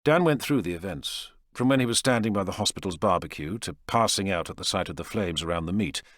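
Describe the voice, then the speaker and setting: A male audiobook narrator with a very deep voice, reading in a measured storytelling manner. His delivery is lively, rising and falling through the lines. The sound is close and dry, with no room around it. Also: no room sound. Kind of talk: scripted narration.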